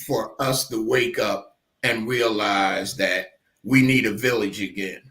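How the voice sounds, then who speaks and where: A man speaking slowly and earnestly in a casual talk, repeating his appeals for community support. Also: lowish voice, fairly bright tone, echoey room. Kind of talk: casual chat.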